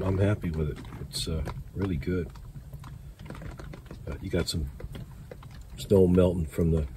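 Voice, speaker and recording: A very deep-voiced older man talks easily and slowly, drifting from thought to thought with plenty of "uh" and "you know". He vlogs from inside a canvas tent with a wood stove. A steady hiss of background noise runs under the recording. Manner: laid-back, rambling, lots of fillers. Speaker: outdoors vlogger. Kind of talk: casual camp vlog.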